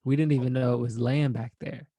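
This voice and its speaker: A man's voice: mid-range voice, fairly even intonation, a little fast, mellow, dry recording. A man, a former college basketball player, guesting on a podcast and telling rambling, profane stories in a laid-back way. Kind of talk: casual storytelling.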